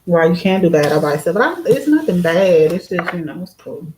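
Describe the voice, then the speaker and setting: Woman, tarot reader, lowish voice, sore throat, chatty, giggly, faint kitchen clatter. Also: big pitch swings, fairly quick, noisy background. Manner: chatty, giggly, lots of fillers. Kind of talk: casual live-stream tarot reading.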